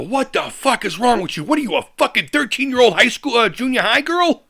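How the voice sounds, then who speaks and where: A man's voice: very high-pitched, very animated, brisk, gravelly, hardly any pauses, pushed and bright. A man on a live stream, angrily ranting with heavy swearing, repeating himself and restarting sentences. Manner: angry, profane, fired-up. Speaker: retro gaming YouTuber.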